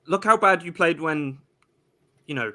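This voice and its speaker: A man, guesting on a sports talk show, measured with stumbling restarts. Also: on the high side, lively intonation, sharp tone. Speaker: podcast guest.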